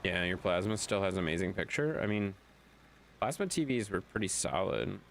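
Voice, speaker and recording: A man's voice: low voice, lively intonation, moderate pace, vocal fry, fairly bright tone, slight background noise. A man streaming a game, chatting loosely with viewers, swearing and laughing often. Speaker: gaming streamer. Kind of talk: casual chat while playing.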